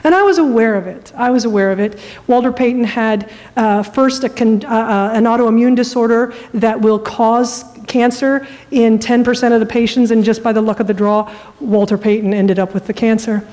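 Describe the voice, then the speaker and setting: A woman pastor preaching a sermon, telling a story in a conversational, animated way. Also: on the high side, normal speed, few pauses. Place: church sanctuary. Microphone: microphone that cut out. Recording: echoey hall, voice from far off.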